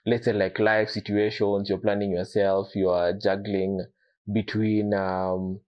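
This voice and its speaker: A man hosts a casual podcast interview with a somewhat low voice. He chimes in often with short agreeing replies and asks the guest relaxed questions. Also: measured pace, muffled recording. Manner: frequent short backchannel agreement. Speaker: podcast host.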